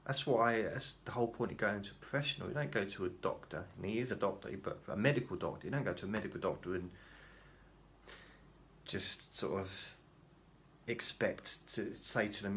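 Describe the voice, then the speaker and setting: A man's voice: on the low side, fairly quick, a bit bright, slight background noise. A man talking casually to camera in a rambling, self-deprecating way, often restarting his sentences. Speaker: vlogger.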